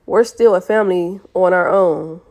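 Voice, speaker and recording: A woman reading a young expectant father's lines in her own plain, gentle voice. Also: fairly low pitch, moderate pace, close to an everyday voice. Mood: reassuring. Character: young adult man, caring expectant father.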